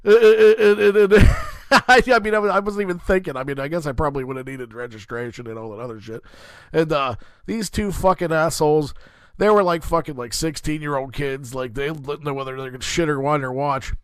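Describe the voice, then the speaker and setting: A man's voice: medium pitch, brisk, smooth, no echo. A man hosting a podcast, telling a rambling, profane story in a heated, casual way. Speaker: podcast host.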